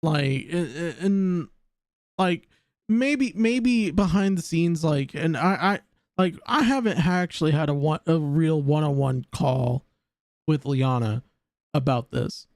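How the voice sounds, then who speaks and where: A man hosting a casual reaction stream, talking haltingly with many restarts. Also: a little high, darkish tone, no room sound, clean studio sound. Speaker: streamer host.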